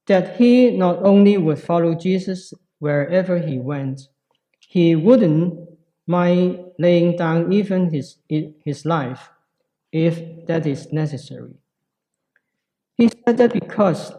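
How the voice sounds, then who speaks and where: A man preaching a sermon in a slow, reflective way with pauses. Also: a little high, warm tone, low-quality recording.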